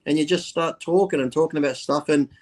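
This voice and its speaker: A man's voice: a little high, quick pace. A man from Australia talking bluntly on a podcast, cursing freely. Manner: blunt and profane, talks in plain everyday terms. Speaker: podcast guest. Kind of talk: casual chat.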